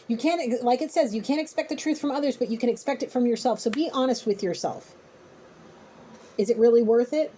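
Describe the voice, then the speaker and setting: Woman, intuitive reader, fairly high, mellow tone, blunt and emphatic, plain-spoken. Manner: blunt, emphatic, casually profane. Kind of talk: spiritual reading addressed to viewers.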